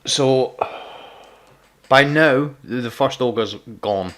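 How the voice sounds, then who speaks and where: A gaming streamer speaks very slowly in a medium-pitched, fairly bright voice while chatting casually through live gameplay. He jokes at his viewers' expense and stumbles over repeated words.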